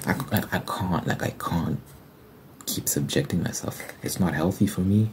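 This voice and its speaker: Deep-voiced young man rambling over tapping. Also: background noise. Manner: rambling and candid, drops to soft near-whispers. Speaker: ASMR channel host. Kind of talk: casual storytelling over fast tapping ASMR. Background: fast tapping and typing sounds.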